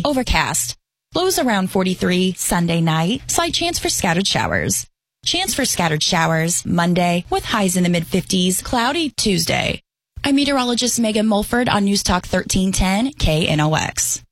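A woman meteorologist reading a radio weather forecast in a crisp, steady delivery. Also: medium pitch, dry recording.

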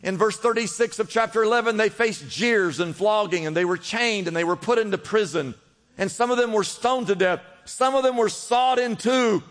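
Male pastor, high voice, fervent sermon, repeated exhortations, long hall reverb. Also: moderate pace, fairly bright tone. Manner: preaching with rising fervor, repeated exhortations.

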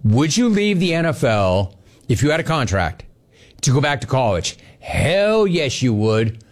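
A middle-aged man hosting a sports radio show, telling stories in a casual, animated monologue. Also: mid-range voice, a little slow. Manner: animated storytelling, mimics others in dialogue.

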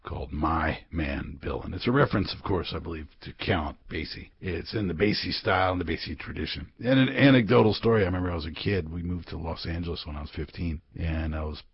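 A man's voice: deep voice, fast talker, few pauses, slightly rough. A man hosting a jazz radio show, chatting casually with rambling anecdotes and lots of filler words. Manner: relaxed, rambling, frequent uh fillers. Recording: dull lo-fi radio broadcast.

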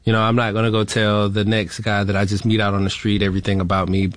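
A man answers interview questions haltingly, full of "uh" and "right?". His voice sits fairly low. The sound is dry and close. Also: flat delivery, no echo. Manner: hesitant, many "uh" and "right?". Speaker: interview guest, veteran. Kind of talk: interview conversation.

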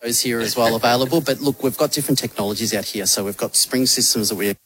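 A man, a mattress salesman giving a quick on-air pitch full of fillers. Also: fairly even intonation, a bit bright, breathy edge. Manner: rushed, filler-heavy sales talk. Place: large retail store, indoors.

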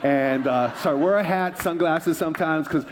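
A man's voice: fairly high pitch, normal speed, slight background noise. A male pastor preaching a sermon, mixing humorous stories with repeated phrases and calls to the congregation. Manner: asks the congregation for responses.

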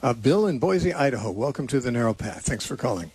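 A man's voice: mid-range voice, very animated, fast, darkish tone, breathy edge. A man hosting a call-in radio show, answering listeners' Bible questions in an earnest, thinking-aloud way with frequent restarts. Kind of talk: unscripted call-in radio teaching.

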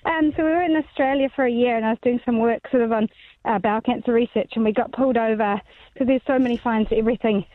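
High-voiced woman on a tinny phone line. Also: quick pace, no echo. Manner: chatty storyteller. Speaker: caller. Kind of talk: telling an anecdote on air.

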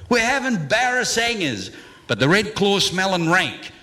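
A man's voice: high voice, very animated, unhurried, pushed and bright, heavily acted. A man with an Australian accent voicing a tough, brash young female outback farmhand who talks bossy and slangy. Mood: bossy teasing.

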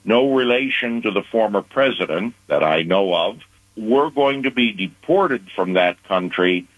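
A man giving deliberate, measured foreign affairs commentary on a news program, pausing for emphasis. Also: fairly low pitch, expressive, no room sound. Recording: phone-line radio audio.

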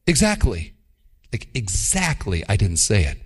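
A man's voice: on the high side, very animated, moderate pace. A man preaching a sermon as pastor, with wry mimicking asides.

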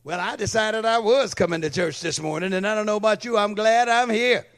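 Delivering a church sermon a little fast, a man speaks in a high, slightly bright voice. He keeps calling for amen and asking if the congregation is with him.

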